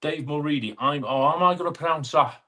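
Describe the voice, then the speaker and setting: A man's voice: fairly high pitch, quick pace, pushed and bright. A man hosting a casual live stream, greeting viewers by name and teasing them in friendly banter. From England (Chester).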